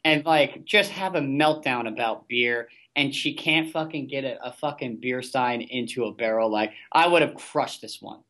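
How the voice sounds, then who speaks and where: A man co-hosting a casual podcast, talking at an ordinary middle pitch. He rants loosely, swears constantly and pushes his opinions hard. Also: normal speed, hardly any pauses, a bit bright. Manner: profane, ranting, heavy swearing. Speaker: podcast co-host. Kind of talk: casual recap chat.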